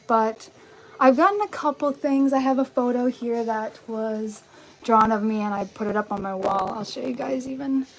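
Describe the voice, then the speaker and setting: A young woman who runs a vintage fashion YouTube channel chats casually in a live-stream Q&A, holding her phone at arm's length in a bedroom with a vanity. Her fairly high, darkish voice sounds upbeat and is full of likes and ums. The audio is poor, with faint music behind her.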